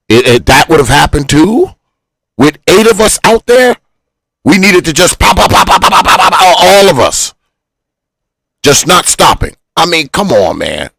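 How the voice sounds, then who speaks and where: A man's voice: mid-range voice, gravelly, a bit bright, dry recording, low-quality recording. A man arguing heatedly on a talk show, pressing his points and repeating himself.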